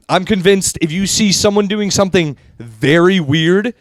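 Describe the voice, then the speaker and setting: A man co-hosting a podcast, a stand-up comedian talking in animated, profane casual chat and laughing often. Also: high-pitched, moderate pace, dry recording.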